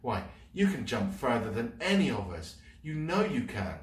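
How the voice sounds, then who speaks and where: A man's voice: mid-range voice, big pitch swings, normal speed, close to an everyday voice. A man voicing a brave young boy who talks earnestly and encouragingly, recorded at a distance in a roomy space. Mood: calm, encouraging.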